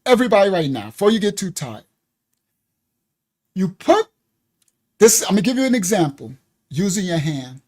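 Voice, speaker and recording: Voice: medium pitch, very animated, moderate pace, pauses often, a little mellow. A teacher at a ministry giving an interactive class, spelling out terms letter by letter and calling on the class, addressed as y'all, to join in. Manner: coaxes the audience to join in.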